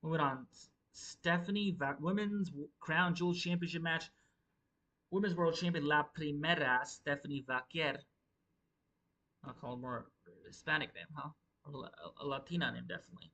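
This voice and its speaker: A man's voice: on the high side, brisk, sharp tone, low-quality recording. A man giving a rambling, profane live review of a wrestling show, stumbling and restarting his sentences often.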